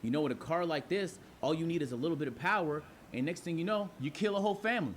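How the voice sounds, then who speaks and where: A man's voice: on the high side, quick pace, close to an everyday voice. A young man imitating a condescending male police officer during a traffic stop, curt and scolding. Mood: stern.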